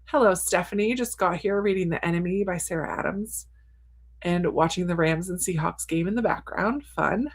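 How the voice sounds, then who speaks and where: Casting: female livestream host, lowish voice, gravelly texture, chatty and reactive. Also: moderate pace. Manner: reads viewer comments aloud and reacts warmly; laughs often between comments. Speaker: booktuber host reading live chat. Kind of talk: casual livestream chat. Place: home attic.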